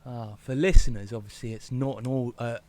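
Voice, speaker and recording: A man as podcast co-host, chatting casually and teasing his partner with quick laughs. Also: mid-range voice, fairly even intonation, a little mellow. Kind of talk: casual chat.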